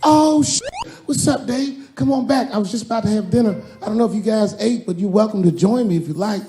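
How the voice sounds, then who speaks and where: A man voicing a rich, boastful male comedian who squeals and shouts excitedly. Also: high-pitched, brisk, voice pushed up. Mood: excited welcome.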